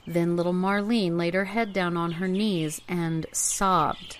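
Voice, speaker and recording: A woman narrating a fairy tale in a measured, expressive reading. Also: on the low side, a little hiss or hum. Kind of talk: storybook narration.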